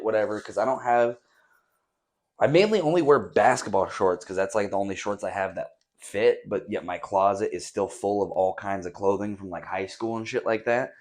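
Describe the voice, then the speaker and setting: A man's voice: lowish voice, darkish tone. A young man hosting a casual solo podcast, rambling and swearing freely in a near-empty, echoey bedroom, recorded on a camera set some distance away. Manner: profane, rambling, laid-back. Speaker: podcast host. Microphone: camera set on a stack of drawers some distance away.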